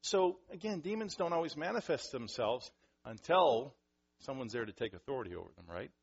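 Animated husky-voiced male preacher. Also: mid-range voice, brisk, muffled recording. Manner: animated, acts out scenes with sudden loud bursts. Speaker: pastor. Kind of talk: sermon.

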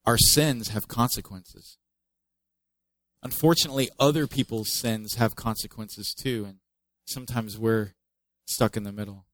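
A man's voice: fairly low pitch, fairly even intonation, a little slow, no room sound, low-quality recording. A man preaching a sermon in a conversational way, reading scripture aloud with emphasis and adding joking asides. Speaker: pastor.

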